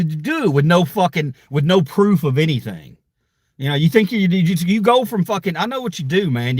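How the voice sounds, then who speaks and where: Hosting his own channel, a man delivers a heated livestream rant, swearing at and confronting his online critics. His voice is on the high side, and the recording is dry with clean studio sound.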